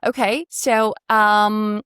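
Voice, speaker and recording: A woman's voice: mid-range voice, steady tone, drawn-out words, a bit bright, clear, resonant tone, no room sound, clean studio sound. A woman coaching pronunciation one-on-one. She models sounds, sings them out and praises often.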